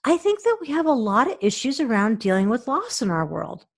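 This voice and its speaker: A woman's voice: fairly high pitch, sing-song, fairly quick. A middle-aged woman hosting a talk show, speaking earnestly and reflectively, often restarting and repeating her words. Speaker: show host.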